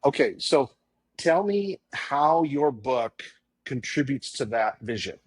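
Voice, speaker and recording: A man's voice: mid-range voice, sing-song, slow, slightly rough. A man hosting an interview, thinking aloud with restarts and encouraging his guest. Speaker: podcast host. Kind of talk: interview conversation.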